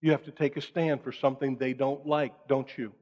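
A middle-aged man preaching a sermon, shifting between raised, acted-out prayers and a quiet hush. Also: medium pitch, flat delivery, fairly quick, muffled recording. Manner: dramatic, acts out prayers and quotes in raised voices, drops to soft hush. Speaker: pastor. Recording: long hall reverb.

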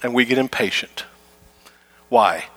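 A man's voice: mid-range voice, a little slow, pushed and bright, dry recording. A middle-aged man preaching a conversational sermon to his congregation, repeating his key phrases and acting out everyday complaints. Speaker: pastor.

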